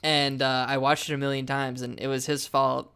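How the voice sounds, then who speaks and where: A young man from Maine co-hosting a casual podcast, animated, swinging between loud outbursts and low mutters. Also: normal speed, gravelly, clean tone. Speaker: podcast co-host. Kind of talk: casual chat.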